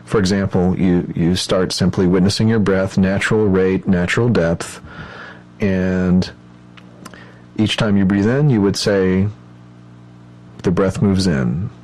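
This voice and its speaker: Low-voiced man calmly teaching meditation. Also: low-quality recording. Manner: measured, explanatory, frequent fillers. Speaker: lecturer on meditation. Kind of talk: instructional lecture.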